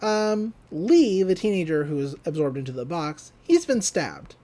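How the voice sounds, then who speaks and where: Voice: medium pitch, very animated, normal speed, mellow. A podcast co-host in a casual recap who rambles, laughs often and acts out the lines.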